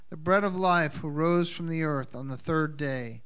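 A man leading a congregation's communion service, speaking in an unhurried, halting way with fillers. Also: on the high side, fairly bright tone, smooth. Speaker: congregation leader. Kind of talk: communion service talk with Hebrew blessings.

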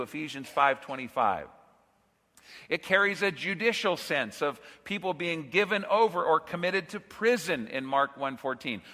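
A man preaching an expository sermon as pastor, earnest and emphatic, dropping low on key phrases. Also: sharp tone. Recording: reverberant hall.

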